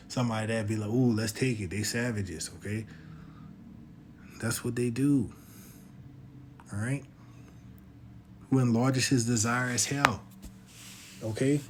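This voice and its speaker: A man's voice: lowish voice, slight background noise. A man giving a scripture lesson, reading verses aloud and often checking in with "okay?" and "all right?". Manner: reads verses aloud in older biblical wording. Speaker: religious teacher. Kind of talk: scripture teaching.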